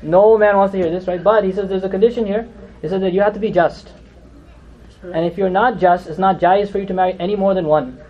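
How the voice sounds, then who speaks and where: A man giving a storytelling sermon as a religious lecturer. He is animated, acts out the quotes, and keeps asking "you know?" and "right?". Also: high voice, quick pace. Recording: dull lo-fi recording.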